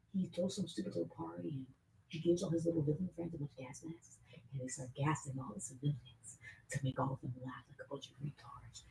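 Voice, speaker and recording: A woman streamer rambling in a casual unscripted rant, swearing often and jumping between whispers and loud bursts. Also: deep voice, creaky, a little hiss or hum, poor audio.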